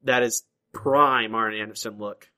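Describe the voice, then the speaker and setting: A man's voice: lowish voice, steady tone, unhurried, bright, forceful tone, smooth, poor audio. A man hosting a casual podcast chat, chatty and easygoing, often restarting his sentences. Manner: chatty, hesitant restarts, laughs easily. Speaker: podcast host.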